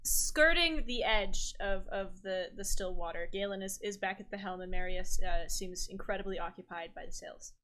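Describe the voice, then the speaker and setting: A woman's voice: medium pitch, moderate pace, hardly any pauses, sharp tone. A woman narrating a tabletop game as game master, hesitant and full of fillers.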